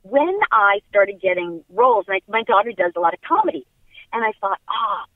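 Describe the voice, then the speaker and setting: A woman's voice: mid-range voice, big pitch swings, a little fast, dry recording. A middle-aged woman from Long Island, chatting upbeat and laughing often as a guest in a phone interview. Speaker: guest actress. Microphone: telephone. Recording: tinny phone line.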